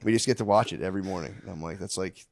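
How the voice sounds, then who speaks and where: Casual swearing man, lowish dry voice. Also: very fast, gravelly, dry recording. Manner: swearing, animated storytelling with acted-out voices of his kids. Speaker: podcast co-host. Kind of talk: casual chat.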